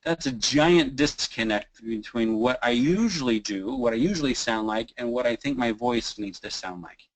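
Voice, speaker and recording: A voice teacher from the Kansas City area, USA, chats casually in a webinar at normal speed with a mid-range male voice. He demonstrates exercises with moans, sighs, creaky sounds, and short sung bits, all on a rough recording.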